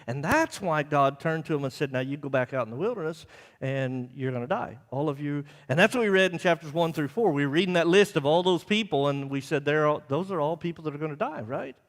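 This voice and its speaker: A man preaching a Bible class sermon in a conversational way, often checking in with his listeners. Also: fairly high pitch. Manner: conversational, asks the congregation "right?" often. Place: church. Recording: church live stream with long hall reverb.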